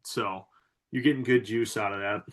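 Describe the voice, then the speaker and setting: A man's voice: fairly low pitch, steady tone, moderate pace. A man co-hosting a sports betting podcast, casual, stammering and repeating himself before he gets going. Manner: stammering, repeats his openings. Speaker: podcast co-host.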